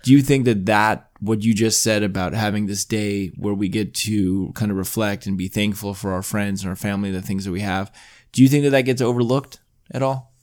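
A man co-hosting a casual podcast chat, rambling and halting with lots of fillers. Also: on the low side, steady tone, a little mellow. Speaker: podcast co-host.

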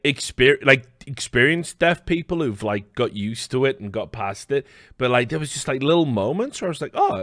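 A man's voice: medium pitch, a bit bright, no echo, clean studio sound. Rambling, profane man streamer. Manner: rambling, profane, laughing asides. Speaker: live stream host. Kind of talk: casual reaction commentary.

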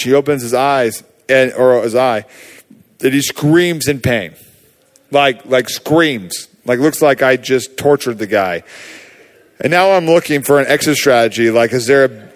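A man preaching, telling a personal healing story in a casual, animated way with many fillers. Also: medium pitch. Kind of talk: sermon testimony.

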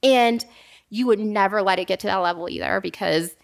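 A woman casually telling a story to a friend on a podcast, animated and laughing often. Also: mid-range voice, brisk, gravelly.

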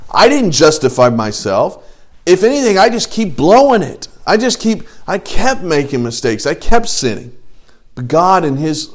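A man teaching an adult Bible study, lively and animated, often acting out quoted voices. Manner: animated, acts out quoted voices with rising pitch.

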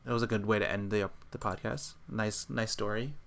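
A woman's voice: a bass voice, steady tone, brisk, creaky. A young woman co-hosting a podcast, chatting casually, trailing off with "um" and laughing easily. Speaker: podcast co-host. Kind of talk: casual chat.

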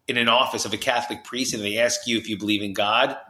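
Energetic podcast guest from New Jersey, bright voice, acts out the people he quotes, slightly echoey room. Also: lowish voice, fast. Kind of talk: personal storytelling in a podcast interview.

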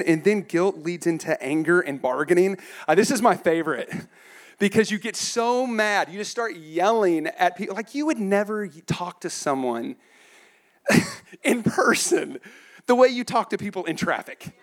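High-voiced guy pastor preaching in church, laughing a lot, acting out little bits. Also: moderate pace. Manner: animated, laughing, acts out quotes. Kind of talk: humorous sermon.

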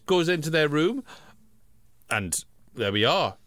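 A man's voice: fairly high pitch, very animated, a little slow, fairly bright tone, no echo, clean studio sound. A man co-hosting a podcast, making wry jokey asides about a comic. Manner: wry, jokey asides with droll put-on quotes. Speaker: podcast co-host. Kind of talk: casual comic chat.

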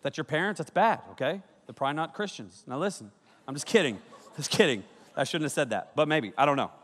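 A man preaching a comedic sermon to young people, telling stories with lots of energy and jumping into high voices when he quotes people. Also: quick pace, in a large hall. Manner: animated storytelling, jumps into high voices for quotes. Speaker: pastor.

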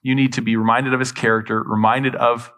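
A man preaching from the pulpit, speaking at a mid pitch. He delivers the sermon in an earnest, direct way and drives his points home with rhetorical questions and repeated phrases. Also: level tone, brisk, pushed and bright. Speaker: pastor.

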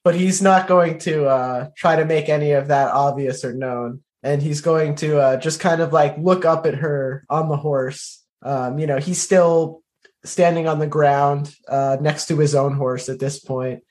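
A man's voice: fairly high pitch, fairly even intonation, measured pace, darkish tone. Rambling man playing a tabletop game. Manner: rambling, self-deprecating, lots of filler. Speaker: player. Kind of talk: casual tabletop play chat.

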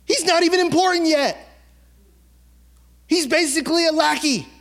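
Man, pastor, sermon, high-pitched, animated, conversational, colloquial. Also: moderate pace.

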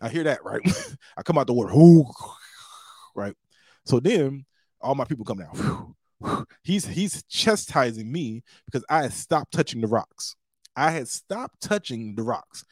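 A mid-pitched man tells a story on his podcast in a loose, animated way. He leaps up in pitch when he acts out what other people said. The sound is dry and close to the mic. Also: normal speed, dry recording. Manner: animated, acts out quotes with big pitch jumps. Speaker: podcast host. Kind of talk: casual storytelling.

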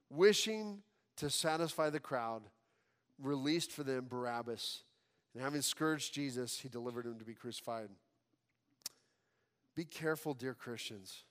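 A man preaching a sermon as pastor, animated, acting out voices from the scripture passage. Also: medium pitch, in a large hall. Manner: animated preaching, acts out crowd and Pilate lines.

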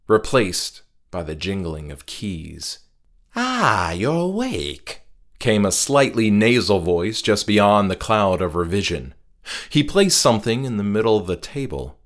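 A man narrating a horror short story in a measured, hushed delivery that trails off quietly at the ends of phrases. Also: on the low side.

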